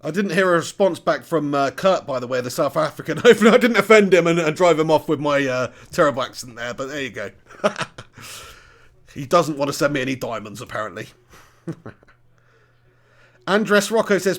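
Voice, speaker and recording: A man hosting a live football watch-along, commentating as a fan, excitable and swearing, often laughing at his own jokes. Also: a little high, moderate pace.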